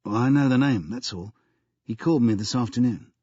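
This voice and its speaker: A man's voice: mid-range voice, a little fast, dark tone, husky, no room sound, highs cut off, lightly acted. A man voicing a nervous young tycoon. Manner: hesitant, stumbling answers. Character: young male tech tycoon, nervous and evasive.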